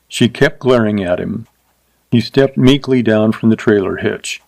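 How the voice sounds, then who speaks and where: A man narrating a short story in a steady, even storytelling voice, adding light character voices. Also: on the low side, a little slow, vocal fry, dry recording, low-quality recording. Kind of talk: scripted audiobook narration.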